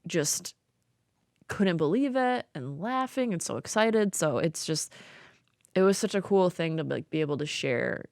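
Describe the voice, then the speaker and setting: A young woman chatting casually as a podcast co-host, her voice sitting a little low. She talks in a loose, rambling way, full of fillers and quick laughs. The sound is close and dry, with little room around it. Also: lively intonation, gravelly, darkish tone, no room sound. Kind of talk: casual chat.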